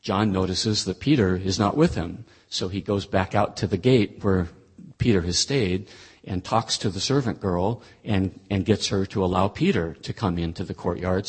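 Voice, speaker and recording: A man's voice: sits low, normal speed, breathy edge. A man explaining a scripture passage as a Bible teacher, in a thoughtful, conversational way with frequent restarts.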